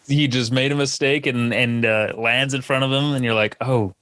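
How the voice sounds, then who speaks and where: Male host, mid pitch, dry close sound, eager and rambling. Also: steady tone, normal speed, fairly bright tone, smooth, no room sound. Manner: rambling, restarts, enthusiastic. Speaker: podcast host. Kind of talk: casual interview chat.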